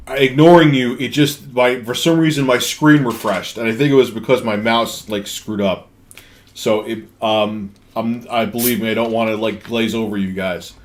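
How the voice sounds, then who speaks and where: A man live-streaming, telling a rambling story full of restarts and cussing while answering donations. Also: mid-range voice. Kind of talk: casual live-stream chat.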